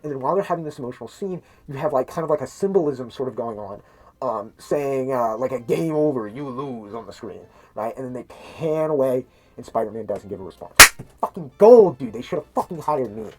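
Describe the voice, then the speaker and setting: A man's voice: medium pitch, expressive, fairly quick, warm tone. A man giving a rambling, profane movie review on a cheap mic through a mask, his voice slightly muffled and full of restarts. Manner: rambling, restarts a lot, swears, laughs at things. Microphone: cheap mic talked into through a mask.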